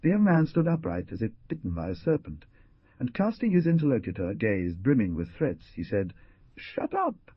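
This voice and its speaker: A man narrating an audiobook in a dramatic, animated reading. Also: lowish voice, fairly quick, husky, no echo. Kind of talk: scripted narration. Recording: dull dry lo-fi recording.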